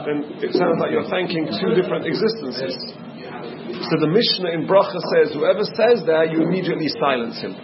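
A man's voice: on the high side, a little fast, a crowd in the background. A man teaching a Talmud class, explaining by asking questions and answering them himself. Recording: dull lo-fi recording with audience noise.

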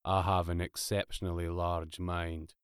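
A man voices a gloomy male robot who drones in a low, hopeless monotone. The voice is deep and subdued. It is recorded dry and close. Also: slow, clean tone, no room sound.

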